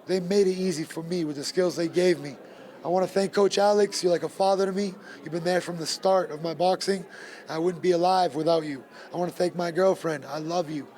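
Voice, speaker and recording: A man's voice: sits high, steady tone, brisk, darkish tone. A man, a bare knuckle fighter, talking emphatically in a post-fight interview and repeating his points. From Gloucester, Massachusetts.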